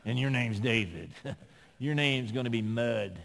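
A man voicing a gruff military company commander who bosses a new recruit, in a hall with long reverb. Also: mid-range voice, measured pace, a bit bright, voice pushed down. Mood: domineering. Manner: commanding, clipped.

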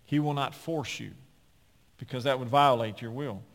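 A male pastor delivering a sermon, swinging between emphatic loud passages and hushed quiet ones. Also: mid-range voice, normal speed. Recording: long reverb of a large hall.

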